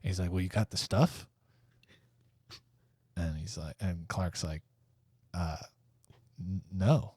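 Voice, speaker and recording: Podcast co-host, male, lowish voice, dry close mic, rambling comic storyteller who voices the characters as he goes. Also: slow, long pauses, dark tone, slightly rough, no echo. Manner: rambling, acts out characters' lines while telling the story. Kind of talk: casual comedic storytelling.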